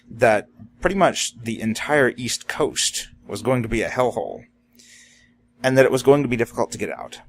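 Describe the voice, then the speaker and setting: A man's voice: medium pitch, slight background noise. A man vlogging about disaster preparedness in a casual, unscripted monologue. He talks in a plain, reflective way and often stops to say "you know" and "um". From Florida, USA.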